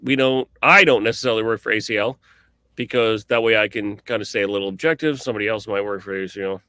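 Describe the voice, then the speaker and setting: A man co-hosting a casual cornhole podcast, telling lively stories with lots of fillers and restarts. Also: lowish voice, fast talker, smooth, dry recording. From New England, US. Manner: animated storyteller with frequent fillers and restarts. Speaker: cornhole podcast co-host and commentator.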